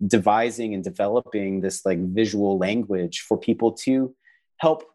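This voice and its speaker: A man's voice: fairly low pitch, normal speed, warm tone. A man, a visual artist and person of faith, talking in an earnest, reflective way as a guest, often hunting for words. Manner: earnest, reflective, searching for words with many likes. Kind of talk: casual conversational interview.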